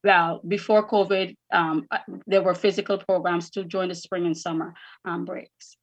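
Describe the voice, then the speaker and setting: A woman's voice: on the low side, little pitch movement, normal speed, dull audio. A woman educator answering interview questions earnestly, often repeating words as she finds them. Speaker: educator and academy founder.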